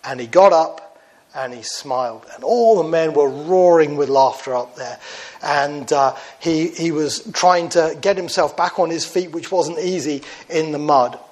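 Man telling a sermon story, higher voice. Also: measured pace. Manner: conversational, many fillers and restarts, drops quiet for quoted lines. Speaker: preacher.

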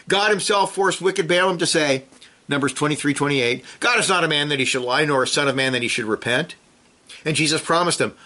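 A man's voice: a little high, bright, forceful tone. A man preaching a sermon, reading scripture aloud and urging listeners with pointed rhetorical questions. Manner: earnest, urgent exhortation with rhetorical questions; reads scripture quotations aloud with rising emphasis.

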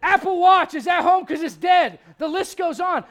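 A male pastor preaching a blunt, confrontational sermon, swinging from loud outbursts to hushed intensity. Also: extremely high pitch, expressive, normal speed.

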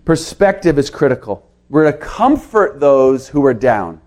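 A man preaching a sermon to his congregation, earnest, with his pitch rising and dropping for emphasis. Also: big pitch swings, a little slow, few pauses, darkish tone. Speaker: pastor.

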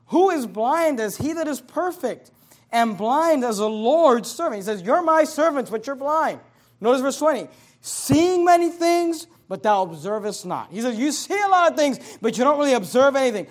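A man pastor delivering a sermon, preaching emphatically and swinging between loud proclamation and low, quiet asides. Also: expressive, moderate pace.

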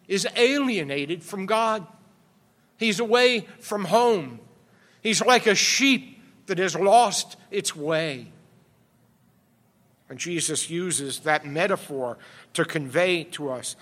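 A man's voice: sits high, pushed and bright, long reverb tail. A man preaching an expository sermon, earnest and rising to emphatic exhortation.

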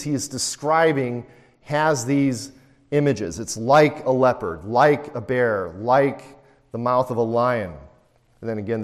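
A man teaching a Bible study at a middle pitch, in a relaxed, conversational manner. He keeps turning to his listeners with rhetorical questions. His voice rings with the long reverb of a large room.

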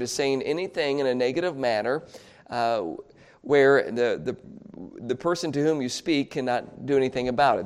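A man delivers an evening sermon in an ordinary mid-range voice. He chuckles often between points and leads his congregation in repeating key words aloud. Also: medium pitch. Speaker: preacher.

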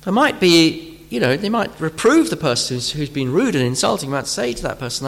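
A man preaching a sermon, often pausing and repeating words as he searches for phrasing, and acting out imagined speakers as he teaches. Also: fairly high pitch, very animated, vocal fry, fairly bright tone, a little hiss or hum. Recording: long hall reverb.

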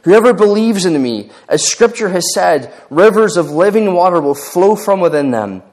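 A man voicing Jesus as a calm, earnest male teacher while reading scripture aloud, in a measured way. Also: high-pitched. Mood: pleading.

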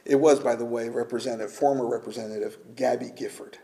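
A man preaching a sermon, emphatic, shifting between loud declarations and hushed, almost whispered lines. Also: medium pitch, steady tone, fast, few pauses. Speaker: pastor.

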